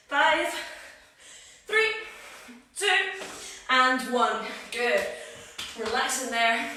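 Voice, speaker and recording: A woman's voice: high-pitched, pushed and bright, slight background noise. A woman fitness coach giving upbeat workout cues and counting down reps, recorded at home. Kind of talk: live workout instruction. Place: home room. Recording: echoey room, far from mic.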